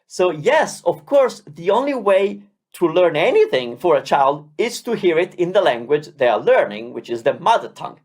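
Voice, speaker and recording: A language teacher giving a beginner lesson, drilling syllables slowly and encouraging learners. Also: mid-range voice, very animated, darkish tone.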